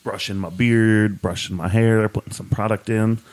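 A man's voice: on the low side, steady tone, moderate pace, a little mellow. A man co-hosting a podcast, chatting casually in a joking, rambling way with lots of filler words. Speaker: podcast co-host. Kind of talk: casual banter.

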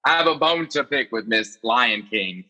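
A man's voice: medium pitch, lively intonation, moderate pace, bright, forceful tone. A man co-hosting a casual podcast, enthusiastically recapping reality TV. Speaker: podcast co-host.

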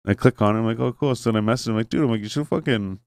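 A man's voice: on the low side, a little mellow, clear, resonant tone, no room sound. A man chatting casually on a podcast, telling rambling, profane stories and acting out what others said. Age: adult with a son. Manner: fast, rambling, swears a lot, acts out voices in anecdotes. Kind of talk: casual chat, storytelling.

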